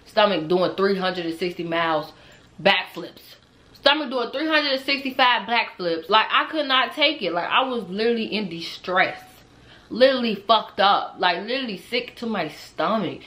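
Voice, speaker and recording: A young woman telling a personal storytime on her channel in a casual, animated way, laughing, swearing freely and talking straight to her viewers. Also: medium pitch, normal speed. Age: young adult. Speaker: storytime vlogger.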